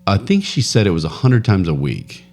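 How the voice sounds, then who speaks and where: Deep-voiced guy cohosting a podcast, loose chatty banter, keeps laughing and trailing off. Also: wildly swooping pitch, normal speed, darkish tone, breathy edge. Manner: rambling, laughs often, trails off mid-sentence. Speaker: podcast co-host. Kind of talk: casual news banter.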